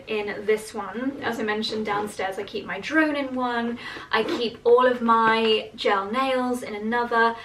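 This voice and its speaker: A woman's voice: medium pitch, fairly bright tone. A woman in her thirties chatting casually to camera in a vlog, gushing and enthusiastic about what she shows. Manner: gushing and chatty, coos at a dog. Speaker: vlogger. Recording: slightly distant mic with faint noise.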